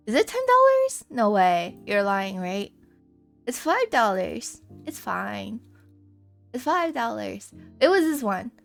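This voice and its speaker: Young female streamer, casual giggly chat, slightly high voice over soft background music. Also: gravelly. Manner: giggly, rambling, self-deprecating storytelling. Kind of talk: casual live-stream chat while drawing.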